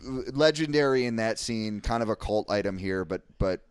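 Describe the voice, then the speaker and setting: A man's voice: on the low side, moderate pace, clear, resonant tone, no echo. An American man co-hosting a podcast, chatting casually and enthusiastically about punk bands, rambling and swearing freely. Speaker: podcast co-host.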